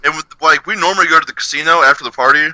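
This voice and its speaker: A man's voice: fairly high pitch, very fast, bright, forceful tone, no room sound, poor audio. A man co-hosting a podcast, telling stories in a casual, profane, laughing way. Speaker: podcast co-host. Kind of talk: casual chat, storytelling.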